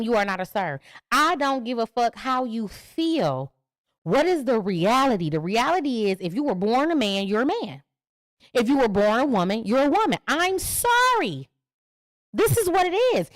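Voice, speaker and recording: A woman podcast host giving brash, profane comedic commentary, swinging from loud outbursts to low mutters. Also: no echo.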